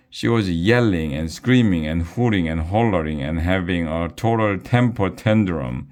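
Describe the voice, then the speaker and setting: A man reading a children's book aloud with a slow, deliberate delivery. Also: low-pitched, a little mellow. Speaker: reader.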